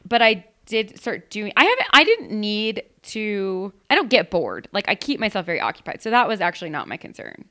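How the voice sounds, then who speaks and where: Young woman, casual chatty co-host, mid-range voice, quick asides with easy laughter. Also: mid-range voice, very animated, bright, forceful tone. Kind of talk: casual chat.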